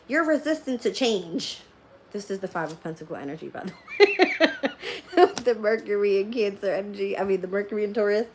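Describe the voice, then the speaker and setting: A woman's voice: medium pitch, a little mellow, a little hiss or hum. A woman tarot reader in a casual live-stream rant, blunt and profane, often laughing as she talks. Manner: laughs often while talking.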